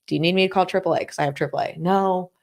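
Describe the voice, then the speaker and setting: A woman's voice: lowish voice, racing, darkish tone. A woman in her thirties, a podcast co-host chatting casually, telling a long story that she acts out with quoted dialogue and frequent laughter. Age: 30s. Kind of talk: casual chat.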